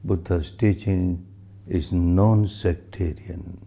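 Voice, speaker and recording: An older man delivers a dharma talk in a very dark, gravelly voice. He speaks slowly and emphatically, repeating key phrases and chanting old verses. He speaks as a meditation teacher addressing students. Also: low-pitched, steady tone.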